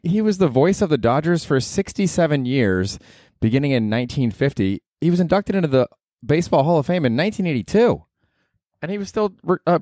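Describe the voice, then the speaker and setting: A man's voice: medium pitch, a little mellow, no room sound, clean studio sound. A man hosting his own podcast alone from his apartment, rambling casually with lots of swearing and self-mockery. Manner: profane, self-mocking rambling. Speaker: podcast host. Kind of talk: casual solo podcast monologue.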